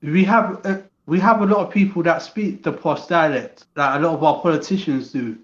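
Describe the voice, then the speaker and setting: A man's voice: a little high, normal speed, echoey room, highs cut off. A man, talking in a casual chat on a call, often stumbling and restarting his sentences. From England. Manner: hesitant, many restarts and fillers. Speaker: guest.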